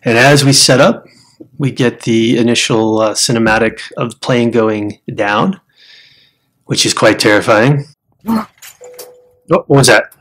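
A man's voice: medium pitch, unhurried, pauses often. Chatty American man walking viewers through a game. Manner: chatty, explains steps to viewers as he plays; breaks into loud startled exclamations. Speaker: gamer showing a survival game. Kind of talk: casual game commentary.

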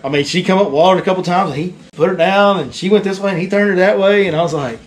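A fishing guide telling a story in casual chat, animated and acting out the people in it. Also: male voice, sits high, quick pace.

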